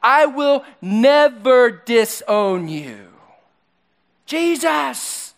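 A preacher doing a boastful eager disciple. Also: male voice, big pitch swings, very slow, vocal fry, full character voice. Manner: higher, louder, pleading and boastful.

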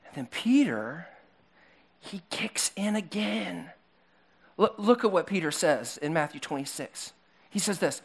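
Animated male pastor telling a story. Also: high voice, normal speed. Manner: animated storytelling with acted-out voices. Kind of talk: sermon. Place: church hall with slides on a screen.

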